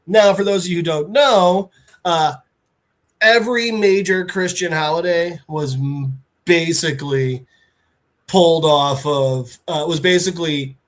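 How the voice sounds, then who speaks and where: A podcast host, a man, casually retelling a comic in an animated, rambling way with fillers. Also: on the high side.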